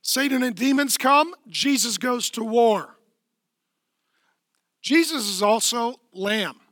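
Middle-aged preacher guy, dry close mic, swings from quiet to yelling, joking around. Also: very high-pitched, slow, no echo. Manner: swings from hushed to shouting, playful. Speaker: pastor. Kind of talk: energetic comedic sermon. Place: church.

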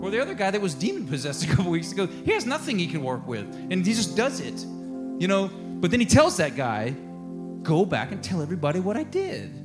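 A man's voice: sits high, huge pitch swings, fast, over music. A man preaching a sermon in a casual, conversational way, acting out quotes and laughing now and then. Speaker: pastor.

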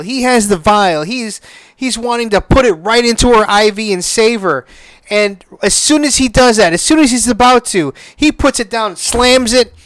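A man's voice: sits high, a bit bright, dry recording. A man hosting a podcast, chatting casually and emotionally, swearing and restarting his sentences often. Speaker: podcast host. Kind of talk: casual solo chat.

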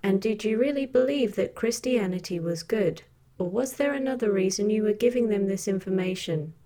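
A woman's voice: mid-range voice, moderate pace, dark tone, low-quality recording. A woman co-hosting a comedy podcast, asking questions and closing the show in a stiff, formal, mock-serious way. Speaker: co-host interviewer.

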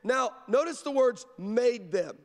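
A man's voice: extremely high pitch, lively intonation, measured pace. A male pastor preaching an emphatic sermon, telling stories with humor. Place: large church. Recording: long hall reverb.

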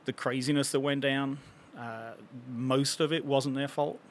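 A man's voice: mid-range voice, fairly even intonation, a little slow, slight background noise. A man chatting casually on a panel, rambling and wry as he talks. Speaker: convention panelist and vendor.

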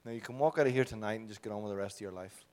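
A man with an Irish accent preaching a sermon, swinging from loud peaks to soft, quiet passages. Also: on the low side, racing. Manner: impassioned, builds to loud peaks then drops soft. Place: church hall. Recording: reverberant hall.

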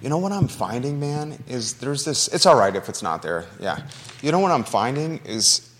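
A man's voice: medium pitch, very animated, moderate pace, fairly bright tone, slight background noise. Earnest male talk show host, reverberant. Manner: earnest, emotional, conversational. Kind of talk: talk radio monologue.

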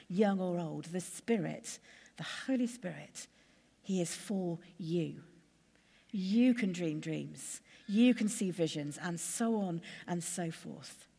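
A woman preacher giving a sermon in a measured, conversational way, building lists with steady pauses. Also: lowish voice, vocal fry, husky, long reverb tail.

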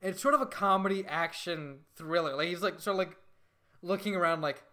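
A man's voice: high-pitched, brisk, pushed and bright. A man casually retelling a comic book plot with plenty of swearing, quoting the characters as he goes. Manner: profane, retells a comic with quoted voices. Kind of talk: casual storytelling. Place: indoor room with others nearby.

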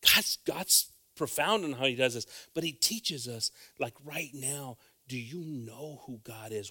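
Preacher guy, super sharp bright voice, goes quiet then loud, repeats himself a lot. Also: mid-range voice, expressive, a little slow, hardly any pauses, breathy edge. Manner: swings from hushed asides to loud calls, repeating phrases. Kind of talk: bilingual sermon.

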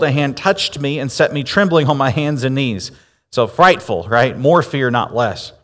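A man delivers a sermon from the pulpit, reading a scripture passage aloud and then explaining it step by step. His voice sits at an ordinary middle pitch, and his manner is measured and teaching. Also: fairly bright tone. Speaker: pastor.

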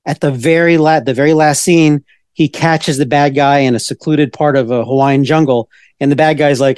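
A fairly high-voiced man in his forties, chatting as a podcast co-host. He rambles through stories with excited restarts. His voice sounds close and dry, with no room around it. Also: moderate pace, clean tone, no echo. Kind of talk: casual pop-culture chat.

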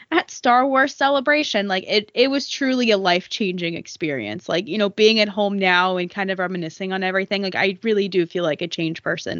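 A woman's voice: fairly low pitch, a bit bright, no echo, muffled recording. A woman co-hosting a podcast in casual chat, emotional and rambling, with lots of fillers and swearing. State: tearful. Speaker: podcast co-host.

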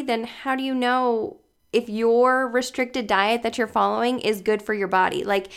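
A woman coaching on health in a casual livestream, chatty and loose with her fillers. Her voice sits a little high and carries a gravelly fry at the ends of phrases, yet it stays smooth and resonant. She breaks off now and then to greet viewers by name. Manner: chatty, many fillers like "like" and "you guys".

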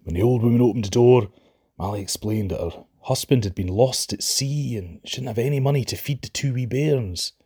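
A man with a Scottish accent telling a Shetland folk tale in a lively, expressive way. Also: mid-range voice, moderate pace, breathy edge. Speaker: storyteller.

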